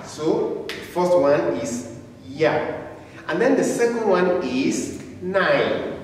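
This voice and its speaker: A man's voice: on the high side, darkish tone, a little hiss or hum. A man teaching a beginners' German class, speaking patiently and repeating each word for learners to say after him. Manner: patient, repetitive, drawn-out words. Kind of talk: slow classroom lecture with repeat-after-me drills. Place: classroom with a board. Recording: echoey hall, voice from far off.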